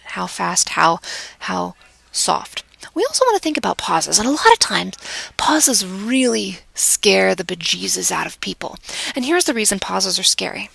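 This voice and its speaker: A woman teaching vocal delivery, her mid-pitched voice carrying a gravelly edge. She talks conversationally, poses rhetorical questions and shifts her volume on purpose, sometimes sinking to a whisper for emphasis. The sound is close and dry, with no room echo. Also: fairly bright tone. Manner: demonstrative, varies volume and pace deliberately, drops to whispers for emphasis. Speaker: speech instructor.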